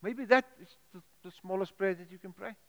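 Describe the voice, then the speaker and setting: A man's voice: sits high, a little fast. A man preaching a sermon, earnest and pleading, often repeating and restarting his words. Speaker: pastor. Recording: echoey hall with long reverb.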